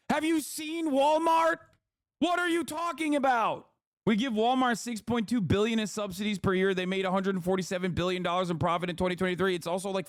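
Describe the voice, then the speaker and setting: A man's voice: high-pitched, no room sound, studio quality. Heated, profane male streamer. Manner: profane, heated, mocking, mimics opponents in a shouting voice. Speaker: streamer reacting to a clip. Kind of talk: casual political commentary stream.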